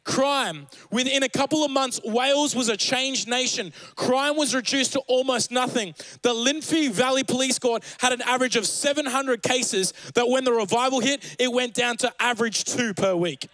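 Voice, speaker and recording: A young pastor preaches with a high, light voice, earnest and rising to fervent urgency. The sound is close and dry, with no room around him. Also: male voice, normal speed, hardly any pauses, fairly bright tone, no echo, rough recording. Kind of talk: sermon.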